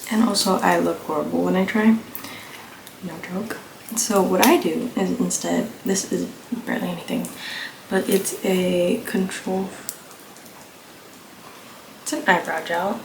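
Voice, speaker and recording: A slightly hoarse young woman chatting casually through a makeup tutorial, rambling and full of fillers, recorded on a phone camera at home. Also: on the low side, fairly even intonation, measured pace, long pauses. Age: young adult. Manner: rambling, filler-heavy, offhand. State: slightly hoarse, coming down with a cold. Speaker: beauty vlogger. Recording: echoey room with clear background noise.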